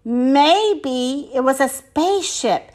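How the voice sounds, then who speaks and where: A woman reading aloud and voicing a dreamy, thoughtful female cow who speaks gently. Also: high-pitched, expressive, slow pace, voice pushed up.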